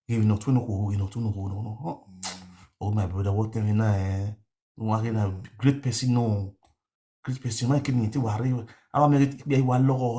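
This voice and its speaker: A man with a Nigerian accent telling a rambling story on a live stream, mixing pidgin with a local language and repeating words. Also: mid-range voice. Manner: mixes pidgin and local language, repetitive, animated. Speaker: online show host.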